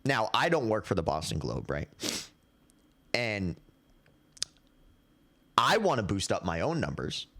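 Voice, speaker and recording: A man's voice: on the low side, unhurried, long pauses. A young man hosting his own podcast, ranting about sports media in a rambling, profane, off-the-cuff way. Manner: profane, rambling, animated, thinking out loud. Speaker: podcast host. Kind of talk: casual sports rant.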